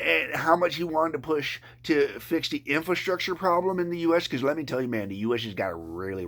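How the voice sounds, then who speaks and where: A man from Canada rants straight to camera in a rambling, foul-mouthed way, often stammering and restarting his sentences. His voice sits a bit high for a man and sounds bright and forceful. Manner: profane, rambling, stammering rant. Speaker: vlogger.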